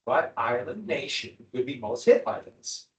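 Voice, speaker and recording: Lively male teacher lecturing in an echoey classroom. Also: medium pitch, unhurried, far from the mic. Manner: animated, asks the class questions. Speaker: history teacher.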